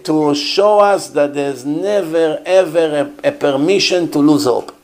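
A man's voice: fairly high pitch, measured pace, a little mellow. Emphatic man preaching with rhetorical questions. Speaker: rabbi teaching. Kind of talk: sermon.

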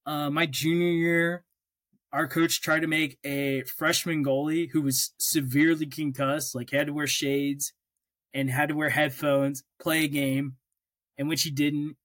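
A man's voice: a little high, little pitch movement, measured pace, fairly bright tone, no room sound. A young man from Oklahoma co-hosting a podcast, telling stories in casual chat and swearing freely. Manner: storytelling, swears freely, restarts often. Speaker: podcast co-host.

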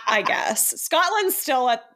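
A woman's voice: high voice, very animated, slow, a bit bright. A woman co-hosting a podcast, chatting casually and teasing her friend playfully, laughing a lot. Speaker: podcast co-host. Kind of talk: casual book chat.

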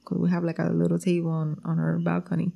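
A woman telling animated stories in casual chat, switching between English and Spanish, swearing freely and often laughing. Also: on the low side, quick pace, creaky, husky. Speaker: girlfriend telling stories about her partner.

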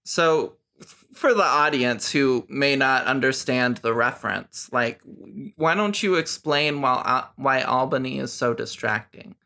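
A man's voice: medium pitch, a little slow, vocal fry, bright, forceful tone. A man co-hosting a podcast, talking hesitantly with lots of filler words. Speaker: podcast co-host. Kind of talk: casual film discussion.

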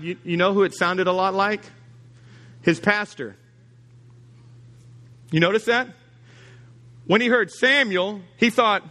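A man's voice: high voice, pushed and bright. A man preaching a sermon as pastor, emphatic, repeating key lines and acting out the people he quotes. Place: church service.

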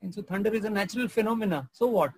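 A man's voice: high voice, rapid-fire, a little mellow, slightly rough, no room sound. A man voicing skeptical male church leaders who stammer and brush off a claim. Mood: dismissive. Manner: hesitant and dismissive.

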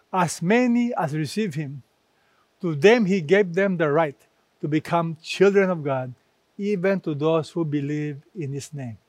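A man delivers a sermon in an unhurried, emphatic way, leaning on repetition as he quotes scripture. His voice sits a little high for a man. The sound is dry and close. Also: dry recording. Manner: slow, emphatic preaching with repeated phrases. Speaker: preacher.

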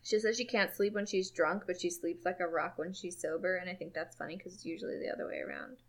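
A woman's voice: fairly low pitch, fast. Chatty lady hosting a book chat, gets worked up, swears some. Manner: chatty, animated, swears freely. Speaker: podcast co-host. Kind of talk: casual book-and-film chat.

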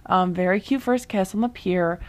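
A woman's voice: lowish voice, normal speed. A young woman vlogger chatting through a casual recap of a TV show, full of fillers and asides.

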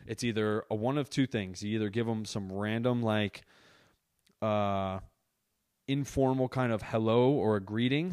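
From his couch indoors, a young adult podcast host tells an exaggerated, animated story on his casual solo show, swearing constantly. His voice sits on the low side, unhurried and clean in tone.

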